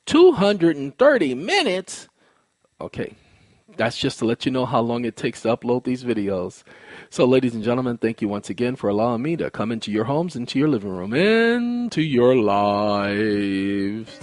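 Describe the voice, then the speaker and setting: A man's voice: medium pitch, animated, moderate pace, darkish tone, dry recording. A man hosting a legal advocacy video channel, talking casually and emphatically to his viewers, often repeating phrases. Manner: emphatic, preachy, repeats phrases in rising sing-song.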